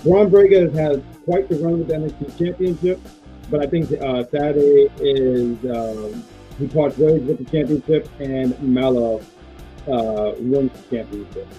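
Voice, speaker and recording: A man's voice: mid-range voice, moderate pace, lo-fi sound, faint music behind. A man hosting a casual wrestling prediction show, rambling and playful with lots of fillers. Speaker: podcast host.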